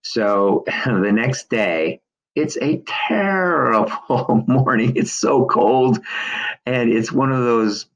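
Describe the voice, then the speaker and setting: A middle-aged man, a business coach, telling a personal story with many fillers and light chuckles, then pitching his services. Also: lively intonation, slow, dull audio.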